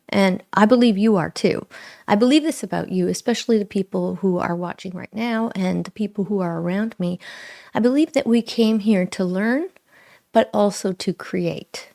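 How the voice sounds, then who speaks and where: A middle-aged woman speaking earnestly and reflectively to viewers on a live spiritual talk, with frequent pauses. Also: mid-range voice, vocal fry. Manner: slow, pausing, earnest and self-reflective. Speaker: spiritual livestream host.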